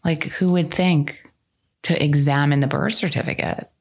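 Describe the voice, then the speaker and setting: A middle-aged woman hosting a podcast, telling animated stories in casual chat and sometimes putting on a mock British accent. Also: deep voice, moderate pace, vocal fry. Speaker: podcast host.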